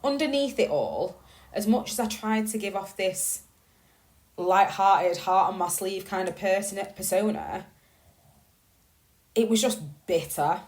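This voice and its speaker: A woman speaks slowly and deliberately, dwelling on each phrase, and her pitch swings widely when she leans on a point. She tells a personal story bluntly, with casual swearing and sudden bursts of emphasis. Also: expressive, darkish tone. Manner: candid and profane, swinging between slow reflection and bursts of emphasis. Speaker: podcast host.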